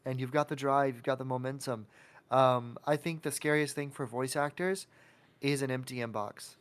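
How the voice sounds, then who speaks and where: A man's voice: medium pitch, clean tone. A man hosting a podcast interview, talking casually and giving an encouraging, motivational pep talk. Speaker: podcast host.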